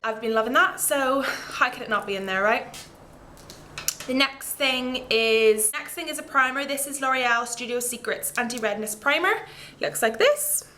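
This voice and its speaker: Bright, chatty woman beauty vlogger. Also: a little high, normal speed, a little hiss or hum. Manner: chatty and enthusiastic, rambling asides. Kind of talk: casual product review.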